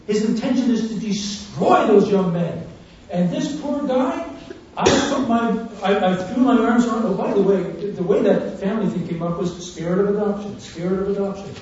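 Male preacher, high voice, fervent testimony sermon, distant muffled echoey hall recording. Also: moderate pace, hardly any pauses, a little hiss or hum. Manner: fervent storytelling, swinging from hushed to loud.

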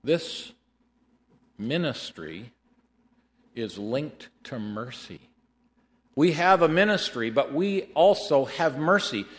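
A middle-aged man preaches a sermon, his pitch rising and falling freely as he tells a story. He slows right down whenever he reads scripture, then picks the pace back up for the narrative. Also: animated.

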